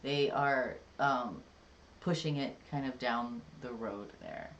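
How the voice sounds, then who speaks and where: Casual rambly streamer, mid pitch, lots of ums and likes, faint room hum. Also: takes it slowly, fairly bright tone, muffled recording. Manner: rambling and chatty, many "like"s and "um"s; casual and jokey. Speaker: livestreamer. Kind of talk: casual live-stream chat.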